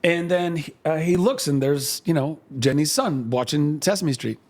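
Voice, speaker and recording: A man in his forties telling a personal story in casual chat, emotional and animated, with many fillers and restarts. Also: fairly high pitch, moderate pace.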